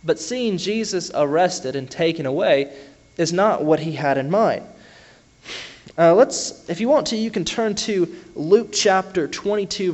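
Guy giving a sermon, kinda high voice, chatty, lots of uh's and restarts. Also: a little mellow. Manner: conversational, frequent uh fillers and restarts. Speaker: preacher.

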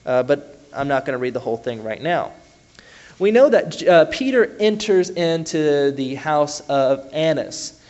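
A man preaching a conversational sermon, often pausing with fillers and restarting his sentences. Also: on the high side, very animated, darkish tone, lo-fi sound.

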